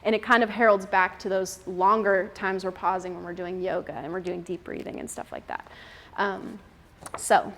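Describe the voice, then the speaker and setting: Young woman, chatty speaker, laughs often, casual talk, mid pitch. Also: fairly even intonation, moderate pace, a bit bright, a little hiss or hum. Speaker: speaker at a mothers' group.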